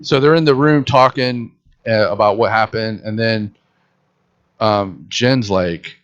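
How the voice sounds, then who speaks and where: On a casual podcast, a host with a lowish voice tells a story slowly, acting out people's quotes with animation. The audio is dull and lo-fi.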